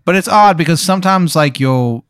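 A man casually improvising a long, absurd story, rambling and deadpan with lots of restarts. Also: fairly high pitch, normal speed, clear, resonant tone, no room sound, clean studio sound. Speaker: podcast host spinning an improvised story.

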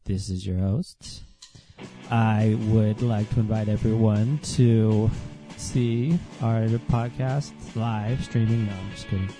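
A man's voice: fairly low pitch, fairly even intonation, slow, over music. A man hosting a solo podcast rant, sarcastic and dismissive, and sounding a bit under the weather. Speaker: podcast host.

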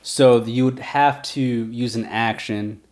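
A man's voice: medium pitch, fairly even intonation, takes it slowly. Easygoing male game master, narrates the scene and explains the rules.

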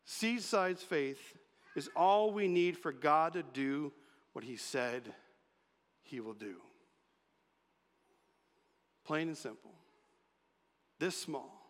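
A man preaching a sermon, animated and acting out quotes in changing voices. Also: fairly high pitch, slow pace, pauses often. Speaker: pastor. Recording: long reverb of a large hall.

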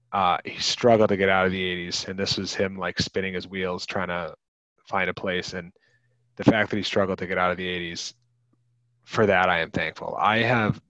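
A man in his thirties co-hosts a casual movie podcast, rambling with plenty of fillers and restarts. His voice is low and a bit bright, with no echo, captured on a dull lo-fi podcast mic.

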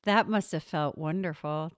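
A middle-aged woman host chatting casually, telling stories with animated restarts and laughs. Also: low-pitched, normal speed, no room sound, clean studio sound. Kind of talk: casual chat.

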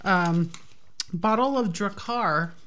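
A woman's voice: medium pitch, takes it slowly, a bit bright. A woman co-hosting a podcast in casual chat, teasing and playful. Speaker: podcast co-host.

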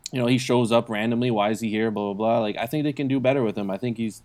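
An opinionated man on a podcast with an ordinary male pitch. He rambles through his points and draws some phrases out slowly, in a casual, chatty way. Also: fairly even intonation, darkish tone. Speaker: podcast co-host. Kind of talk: casual wrestling chat.

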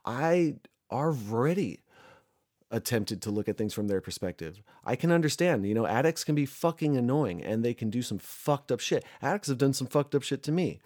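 A man's voice: mid-range voice, expressive, moderate pace, darkish tone. A young man, a recovering addict, ranting casually and angrily, swearing a lot and rambling with many fillers. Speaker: recovering addict sharing his views. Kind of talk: casual rant to camera.

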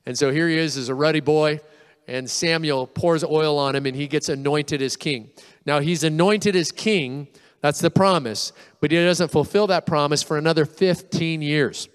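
A male pastor giving a sermon in a relaxed, storytelling way, acting out the voices of the people in his story. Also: a little high, moderate pace, clear, resonant tone, long reverb tail. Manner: casual storytelling, acts out quoted voices.

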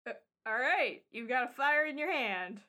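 A woman's voice: high-pitched, animated, normal speed, bright, forceful tone. A woman narrating as game master of a tabletop game, rambling with many fillers and restarts.

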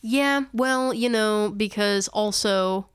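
A young woman co-hosting a paranormal podcast, her smooth voice recorded close and dry. She rambles through the story, backtracks to fix details, and laughs easily. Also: medium pitch, takes it slowly, no room sound. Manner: rambling, self-correcting, laughs often. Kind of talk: casual storytelling chat.

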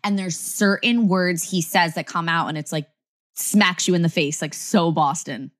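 A woman's voice: fairly low pitch, normal speed, a bit bright. A woman with a New Jersey accent hosting a story podcast, gushing and enthusiastic as she interviews a guest. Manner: gushing, enthusiastic, repeats phrases. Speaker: podcast host. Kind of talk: casual interview chat.

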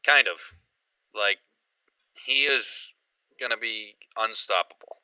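A man co-hosting a sports podcast, talking in a rambling, excited way with lots of fillers. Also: lowish voice, slow, smooth, muffled recording. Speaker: podcast co-host. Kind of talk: casual sports chat.

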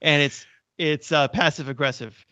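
A man talks casually on a podcast, working through his thoughts with many restarts. His voice sits a bit high for a man. The recording is dry and slightly dull, with no room sound. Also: fairly even intonation, normal speed, sharp tone, dry recording. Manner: explanatory, frequent restarts. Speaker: podcast co-host. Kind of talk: casual chat.

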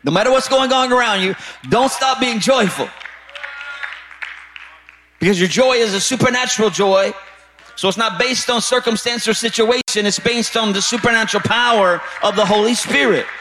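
A pastor preaching a sermon with emphatic, repetitive phrasing that rises to shouted peaks. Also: male voice, sits high, normal speed, some chatter behind. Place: church sanctuary.

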